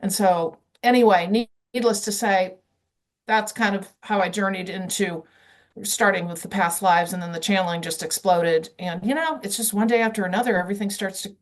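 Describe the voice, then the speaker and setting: A woman guest on an interview, telling her story in a casual, animated way with lots of "you know" fillers. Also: medium pitch, normal speed. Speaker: guest, past life channeller.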